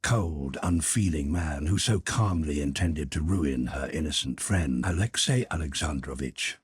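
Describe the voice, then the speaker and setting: A man narrating an audiobook in an expressive, measured storytelling manner. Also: a bass voice, slightly rough, dry recording, studio quality. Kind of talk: scripted narration.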